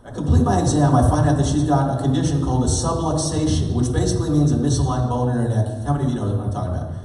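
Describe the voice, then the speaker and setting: Male keynote storyteller, mellow tone, far from the mic, roomy hall. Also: mid-range voice, rapid-fire. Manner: animated, chatty, asks the audience questions. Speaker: motivational speaker. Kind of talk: storytelling keynote to a live audience. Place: large hall.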